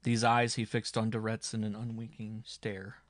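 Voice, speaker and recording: Low-voiced male audiobook narrator. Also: little pitch movement, no room sound, clean studio sound. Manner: measured, dramatic reading. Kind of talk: scripted narration.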